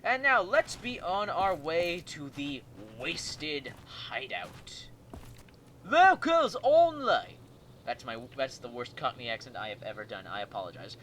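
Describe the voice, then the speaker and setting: A man hosting a let's play, giving excitable, joking gameplay commentary and talking back to enemies. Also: mid-range voice, a little slow, hardly any pauses, a little hiss or hum.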